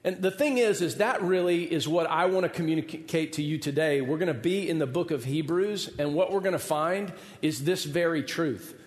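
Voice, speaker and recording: A man's voice: a little high, moderate pace, hardly any pauses. A man in his forties, a pastor preaching a sermon, telling a personal story with humor and self-deprecating asides. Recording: echoey hall, long reverb.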